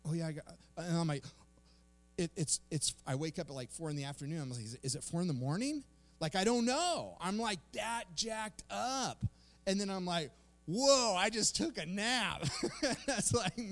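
Animated man preaching a sermon. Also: on the high side. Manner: lively storytelling, animated and self-mocking. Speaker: pastor. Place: church service.

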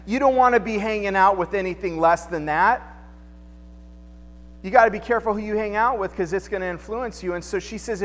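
High-voiced preacher man in a reverberant church. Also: fairly quick, a little hiss or hum. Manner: conversational preaching with rhetorical questions. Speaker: pastor. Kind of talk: sermon. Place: church sanctuary. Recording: long hall reverb, faint music behind.

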